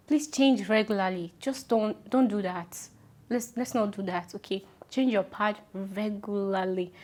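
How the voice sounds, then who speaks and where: A young woman with a Nigerian accent talks straight to her viewers in a chatty vlog. She repeats her instructions with firm emphasis, and her voice sits at a middle pitch. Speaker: vlogger. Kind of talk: casual advice talk to camera.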